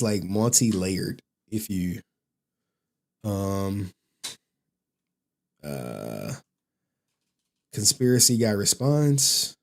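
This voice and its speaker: A man hosting a live stream, chatting casually in an animated, rambling way and laughing often. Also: lowish voice. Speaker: streamer, host.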